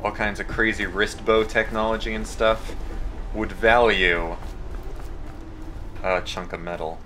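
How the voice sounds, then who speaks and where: A man's voice: on the low side, measured pace, long pauses, background noise. A young man narrating his gameplay, joking and self-mocking with rambling asides. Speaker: let's play host. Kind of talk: gameplay commentary.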